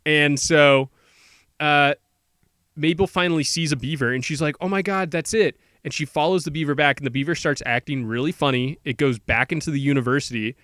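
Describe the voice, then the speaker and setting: A man co-hosting a podcast, rambling through a movie plot and slipping into quick quoted voices for the characters. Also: a little high, steady tone, fairly bright tone, no room sound, clean studio sound. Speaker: podcast co-host. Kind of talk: casual movie recap chat.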